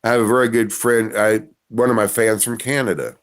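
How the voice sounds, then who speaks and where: A man's voice: on the low side, steady tone, fairly quick. A man, a musician guest on a podcast, telling rambling stories in casual conversation. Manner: rambling storyteller. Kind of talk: casual interview chat.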